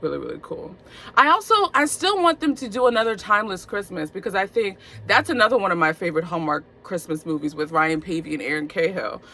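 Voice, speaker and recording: Woman, young adult, movie review host, bright tense tone, playful, animated, casual chat. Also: lowish voice. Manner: animated and playful, drawn-out emphasis.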